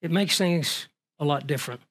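A man's voice: a little high, moderate pace, fairly bright tone. A man preaching a sermon, earnest and full of rhetorical questions, his voice swelling and dropping for emphasis.

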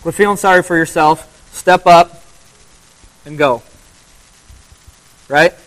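A man with a slightly high voice giving a motivational Bible talk to a live group. He speaks conversationally, throws questions at his listeners and drives points home by repeating phrases. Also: takes it slowly, a bit bright, rough recording. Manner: conversational, asks the audience questions.

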